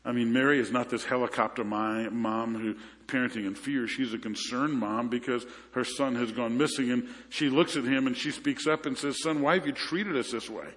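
Pastor preaching in a reverberant hall. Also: male voice, medium pitch, steady tone, normal speed, few pauses, a bit bright. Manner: conversational storytelling with repeated restarts. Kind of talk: sermon.

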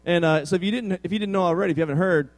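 A man's voice: high-pitched, rapid-fire, no echo, rough recording. A male pastor preaching a conversational sermon with self-deprecating humor.

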